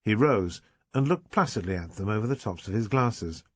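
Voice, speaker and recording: Male narrator, animated delivery, dry booth sound, scripted audiobook read. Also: on the low side, normal speed, dry recording.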